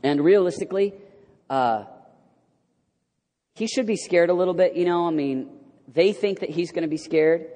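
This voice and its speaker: A man preaching a sermon in an animated way, rising to loud exclamations and dropping to a hushed near-whisper. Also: on the high side. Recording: hall with long reverb.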